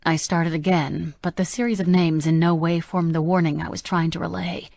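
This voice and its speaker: Low-voiced woman narrating a novel. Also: fairly even intonation, moderate pace, vocal fry, few pauses, a little mellow, no echo, clean studio sound. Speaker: audiobook narrator. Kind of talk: first-person novel narration.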